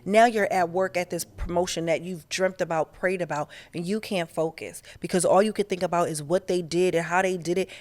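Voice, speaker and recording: Candid, animated woman host. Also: lowish voice. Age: adult, past her teens. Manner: candid, animated storytelling with slang and profanity. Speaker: podcast host. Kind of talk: casual spiritual monologue.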